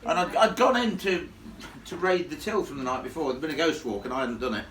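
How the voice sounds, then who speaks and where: Animated man telling ghost tales. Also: a little high, fast talker, a little hiss or hum. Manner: animated, chatty, laughs with the crowd. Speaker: storyteller. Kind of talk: live ghost story telling to an audience. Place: room with a live audience. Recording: echoey room, from far off.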